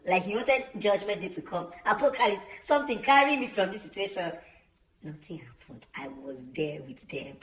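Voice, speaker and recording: A man's voice: sits high, a little fast. Chatty young man. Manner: chatty, animated, many fillers. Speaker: vlogger. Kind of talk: storytime vlog. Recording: roomy echo.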